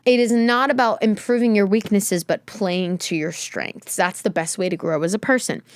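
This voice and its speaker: A young woman hosts a podcast alone, speaking candidly and emotionally in a mid-range voice with no echo. Her talk rambles reflectively and is full of fillers.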